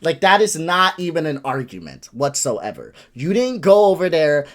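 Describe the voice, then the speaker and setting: A man's voice: a little high, big pitch swings, moderate pace. A man hosting a reaction video, ranting in a frustrated, profane, lecturing way. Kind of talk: ranting commentary.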